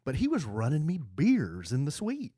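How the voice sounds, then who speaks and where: A man's voice: a little high, huge pitch swings, moderate pace, dark tone, husky, no echo. Guy cohost, voice jumps around a lot, dry close mic, always joking. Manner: joking, ribbing, laughs easily. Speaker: podcast co-host. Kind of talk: casual chat.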